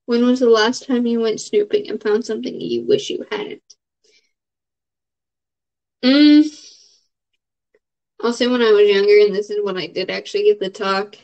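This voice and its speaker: A woman's voice: medium pitch, fairly even intonation, normal speed, pauses often, a little mellow. A young adult woman in a casual vlog, answering question prompts in a rambling, frank way with lots of fillers. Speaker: vlogger. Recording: dull lo-fi audio.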